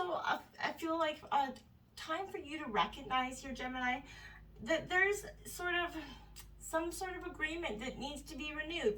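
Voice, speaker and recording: A woman's voice: high voice, pushed and bright, far from the mic, a little hiss or hum, low-quality recording. A woman giving a casual tarot reading, a little out of breath, meandering and full of "you know" and "right?". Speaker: tarot reader.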